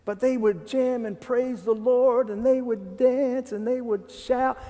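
High-voiced animated man preaching. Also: unhurried, big-room sound, faint music behind. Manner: animated, jokey preaching with rhetorical questions. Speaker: pastor. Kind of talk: sermon. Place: church sanctuary.

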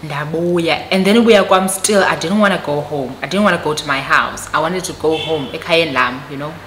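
A South African woman telling a story on her vlog, animated and switching between Xhosa and English. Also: low-pitched, brisk, slight background noise. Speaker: vlogger. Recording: echoey room recording.

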